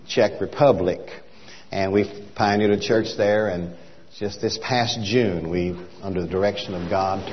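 Folksy Oklahoma preacher in a hall. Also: male voice, fairly low pitch. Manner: folksy, repeats words, builds to emphatic rhythmic points. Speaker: traveling minister. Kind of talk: sermon. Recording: dull lo-fi church hall recording.

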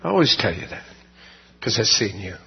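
A man, the pastor, closing a church service with a folksy, earnest sermon and prayer, slowing down to stress his points. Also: lowish voice, very animated, gravelly, slightly rough, in a large hall, highs cut off. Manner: earnest, folksy, slows down for emphasis.

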